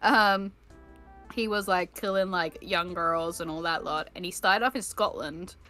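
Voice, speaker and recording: A woman chatting casually in an online interview, laughing often and talking in halting bursts with lots of fillers. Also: on the low side, bright, forceful tone, faint music behind. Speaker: vtuber in an interview. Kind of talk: casual chat.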